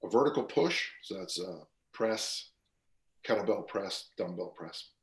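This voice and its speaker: A deep, creaky-voiced man in his sixties, a strength coach appearing as a guest on a casual podcast interview, tells stories in a loose, rambling way packed with fillers and restarts. He sounds expressive and unhurried, and the recording carries a roomy echo.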